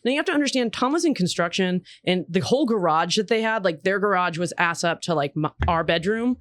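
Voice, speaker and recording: A woman who is a podcast guest, telling stories in a fast, animated, profane way in casual chat. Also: lowish voice, dry recording.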